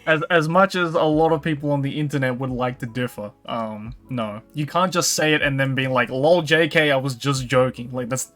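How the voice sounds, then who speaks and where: A man's voice: mid-range voice, moderate pace, hardly any pauses, fairly bright tone. A man hosting a live stream, chatting loosely with viewers and a co-host, with frequent "like" fillers and swearing. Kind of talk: casual chat with stream viewers. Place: Tokyo.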